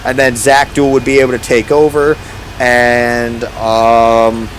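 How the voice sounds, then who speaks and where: A man's voice: medium pitch, flat delivery, slow pace, slight background noise, low-quality recording. Laid-back man streaming a tank game. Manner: laid-back, sarcastic, swears casually. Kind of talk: casual gameplay commentary.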